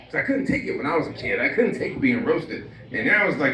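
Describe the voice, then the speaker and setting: A man's voice: on the high side, very animated, fairly quick, crowd noise. A young man doing stand-up at an open mic, talking loosely with lots of fillers and laughing at his own lines. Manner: loose, rambling, full of fillers and self-laughs. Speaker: stand-up comic. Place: small club stage. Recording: echoey room, mic heard from a distance.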